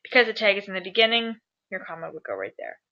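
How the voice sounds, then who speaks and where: Bright-voiced woman teaching grammar. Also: mid-range voice, big pitch swings, quick pace. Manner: chatty, upbeat, asks viewers questions. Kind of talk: grammar lesson to camera. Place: at home. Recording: dull lo-fi sound.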